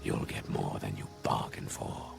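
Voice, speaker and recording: Gravelly, menacing city guard. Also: male voice, monotone, a little slow, over music, exaggerated voice. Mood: threatening. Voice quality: deep gravelly. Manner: threatening, curt. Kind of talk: video game voice acting.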